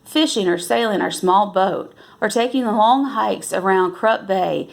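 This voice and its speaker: A woman reading a novel aloud at an unhurried pace, now and then correcting herself and lifting her voice for the characters' lines. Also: medium pitch, creaky. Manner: unhurried, with self-corrections and restarts. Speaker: reader.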